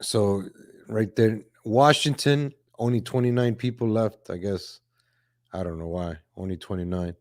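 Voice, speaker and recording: A man hosts a casual political commentary livestream, chatting repetitively, greeting viewers, reading their chat names aloud and often saying "ladies and gentlemen." His pitch is fairly low, and the recording is dry and studio quality.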